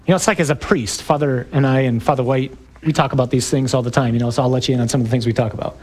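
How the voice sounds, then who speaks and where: A man's voice: medium pitch, fairly even intonation, rapid-fire, a little mellow. A male priest giving an emphatic, conversational talk to a group, with rhetorical questions.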